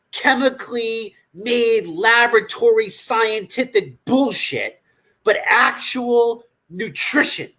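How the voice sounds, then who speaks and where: A man speaks on a livestream as a nutrition coach, with a husky, slightly rough voice. His talk is blunt and profane, and he scolds his listeners directly. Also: very high voice, bright, forceful tone.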